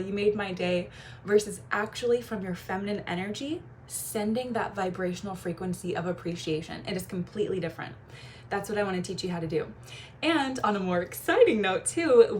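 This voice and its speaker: A woman's voice: mid-range voice, a little hiss or hum. A young woman who coaches on relationships, talking to camera in a casual, gushing way with frequent light laughs. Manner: warm, gushing, quick laughs and playful quoted voices. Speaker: feminine energy coach.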